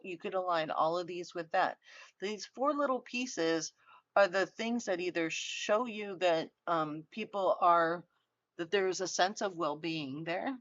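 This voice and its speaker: A woman delivers a recorded online university lecture with a voice on the low side and no room sound. Her manner is earnest and conversational with frequent phrase restarts, captured in a dry, dull lo-fi recording.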